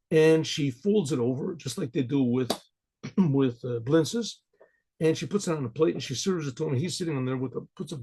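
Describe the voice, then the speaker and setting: A man, a rabbi, telling a folk tale in a loose, rambling way, repeating words and often clearing his throat. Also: mid-range voice, warm tone. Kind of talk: storytelling to an audience.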